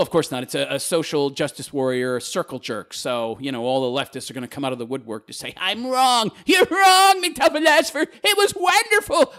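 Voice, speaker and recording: Gravelly, sarcastic ranting man. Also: fairly high pitch, a bit bright. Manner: sarcastic, mocking, combative. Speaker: channel host reading viewer comments. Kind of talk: ranting commentary.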